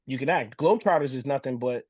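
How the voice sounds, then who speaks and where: A man from New Jersey, a podcast guest telling stories in casual talk, animated and full of restarts. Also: mid-range voice, quick pace, breathy edge, dry recording. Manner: animated storyteller, acts out voices, frequent restarts. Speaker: podcast guest, former pro basketball showman.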